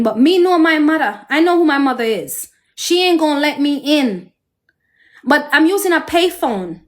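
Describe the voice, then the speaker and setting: Jamaican woman host, high voice, talks straight to her viewers, emotional testimony, preachy. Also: lively intonation, moderate pace. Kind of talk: personal storytelling to viewers.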